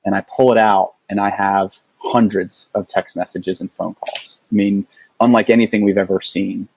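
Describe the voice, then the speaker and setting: Low-voiced man telling a story, halting. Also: steady tone, gravelly, a little mellow, a little hiss or hum, rough recording. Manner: halting, many restarts and fillers. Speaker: podcast guest. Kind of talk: casual storytelling.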